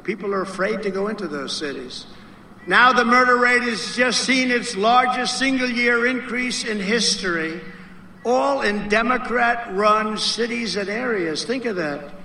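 A man gives a rally speech and circles back to his points again and again with emphatic asides. His voice is high and bright. It echoes through a big room and is picked up from a distance. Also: a little slow, slight background noise. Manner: rambling, repetitive, with emphatic asides. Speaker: political speaker. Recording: roomy, heard from a distance.

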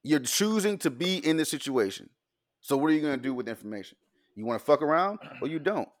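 A man's voice: fairly high pitch, lively intonation, fast. A man co-hosting a casual podcast chat, telling stories in a blunt, profane way.

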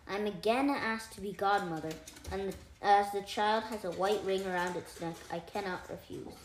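A woman's voice: mid-range voice, normal speed, slight background noise, lightly acted. A sly, greedy cat, as a woman reading a storybook puts her on, who talks coolly and offhandedly with a smug edge. Her voice sits close to the reader's own middle register. It echoes in a roomy space. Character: greedy, sly, cool-tempered female cat. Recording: roomy echo.

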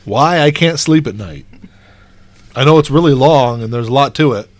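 A man's voice: medium pitch, lively intonation, normal speed, no echo. A man hosting a podcast, chatting casually and cracking jokes while running a card game. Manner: joking, wisecracking, laughs often. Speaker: podcast host. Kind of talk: casual game-night chat.

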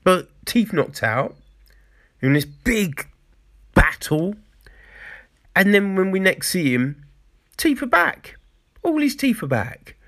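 A man's voice: high voice, sing-song, slow, pauses often, fairly bright tone. A man reviewing a TV show in a casual rant, exasperated and profane, often repeating himself for emphasis.

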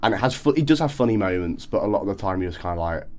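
A man in casual film chat on a podcast, animated and acting out quoted reactions. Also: fairly low pitch, rapid-fire.

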